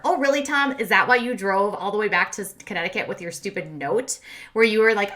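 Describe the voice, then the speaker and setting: A woman's voice: mid-range voice, brisk, sharp tone. A woman in her thirties hosting a casual reality TV recap, sassy and blunt, mocking the cast in put-on voices. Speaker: commentary channel host.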